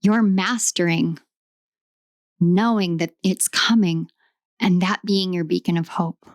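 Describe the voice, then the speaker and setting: A woman gives a tarot reading, stacking emphatic, repetitive affirmations. She speaks slowly and deliberately. Her voice is recorded close and dry. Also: fairly low pitch, steady tone, no echo. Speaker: tarot reader.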